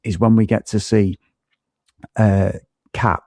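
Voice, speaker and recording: A podcast co-host with a low, gravelly voice and a dark, mellow tone. He rambles excitedly and swears freely, restarting his sentences as he talks about the film. The sound is dry and close. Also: slow pace, no echo. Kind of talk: casual film review chat.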